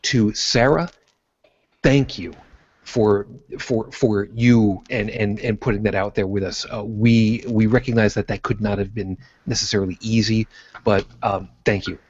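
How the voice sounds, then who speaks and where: A man's voice: on the low side, steady tone, a little slow, darkish tone, highs cut off. A man hosting a casual podcast, thanking each guest in turn and stumbling over his words as he goes. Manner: rambling, repeats words when thanking guests. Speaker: host.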